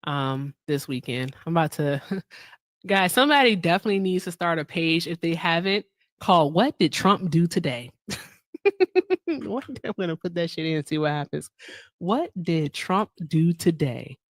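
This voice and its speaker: A woman hosts a casual live stream, talking straight to her viewers in a slightly low voice. She jokes around and laughs often. The sound is dry and close, with no room echo. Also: lively intonation, moderate pace. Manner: joking, laughs often, talks to chat. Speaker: livestream host.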